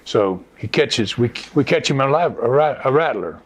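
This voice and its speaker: A man's voice: medium pitch, expressive, normal speed, husky. A man from Mississippi, telling a story in casual conversation as an interview guest. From Mississippi, USA.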